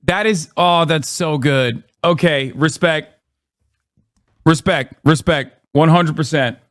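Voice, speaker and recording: A man's voice: fairly high pitch, slow, a bit bright, no echo, clean studio sound. A man live-streaming, ranting in blunt, profane casual commentary and mocking what he reacts to.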